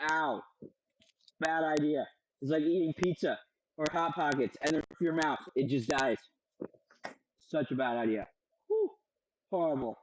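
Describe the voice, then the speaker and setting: A man's voice: fairly high pitch, a little mellow, dull audio, slight background noise. A young man casually talking through a cooking demo, playful and joking, swearing freely. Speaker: cooking show host.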